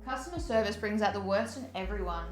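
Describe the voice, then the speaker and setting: A woman chatting casually on a livestream, animated and quick to laugh. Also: medium pitch, soft background music. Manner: chatty, giggly, animated storyteller.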